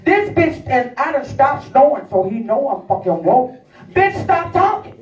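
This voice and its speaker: A woman's voice: sits high, very animated, a little slow, darkish tone. A woman doing stand-up storytelling, brash and profane, talking straight to the crowd from a live comedy venue. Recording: echoey, distant, dull live recording.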